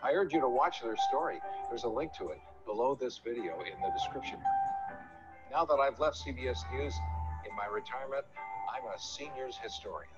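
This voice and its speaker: An older man delivers a scripted video pitch in a measured, announcer-like voice. The sound is dull and lo-fi, and loud music plays underneath. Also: animated. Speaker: retired TV reporter presenting his project.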